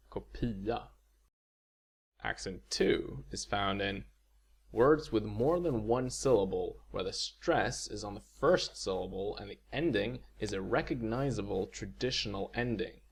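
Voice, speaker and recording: A man explains a language point in a video lecture at a slow, deliberate pace. His voice sits low and has a gravelly, husky grain. He speaks in measured lines and pauses on example words. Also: animated. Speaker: language teacher.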